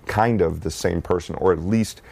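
A man's voice: deep voice, moderate pace, vocal fry, a little mellow, slightly rough, dry recording. A man talking as a guest in a casual interview, easygoing and rambling, with frequent restarts. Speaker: actor guest.

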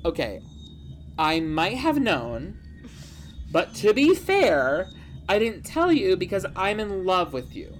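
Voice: medium pitch, very animated, slow, a little hiss or hum, pitched above the performer's own voice. A podcast host voicing a scheming female pie-shop owner who drags out sheepish excuses.

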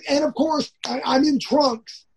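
A man's voice: extremely high pitch, fairly even intonation, measured pace, darkish tone. A man, a professional wrestler as a guest, telling stories casually. He rambles, restarts often and acts out the lines of others. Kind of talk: casual storytelling.

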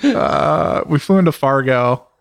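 A man's voice: mid-range voice, takes it slowly, gravelly, dry recording, clean studio sound. Jokey, rambling podcast host man. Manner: jokey, rambling, lots of fillers. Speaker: podcast co-host and motorcycle racer. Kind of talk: casual podcast chat.

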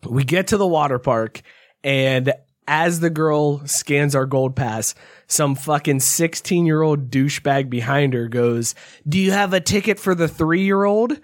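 A man rants through an animated story in a loose podcast chat, swearing freely as he acts out the people involved. His voice sits a little high for a man. The sound is dry and close, with almost no room around it. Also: unhurried, no echo. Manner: profane, heated ranting. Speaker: podcast co-host.

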